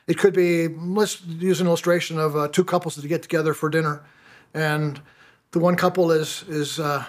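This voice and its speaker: A man's voice: a little high, fairly even intonation, moderate pace. A middle-aged man preaching a sermon as pastor, often stumbling and repeating words as he restarts his phrases.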